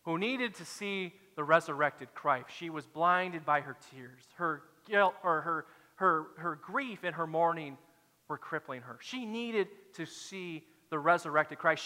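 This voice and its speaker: A man's voice: high voice, bright, forceful tone. Man, pastor preaching a sermon, dramatic delivery, long hall reverb. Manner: dramatic, acts out quoted lines.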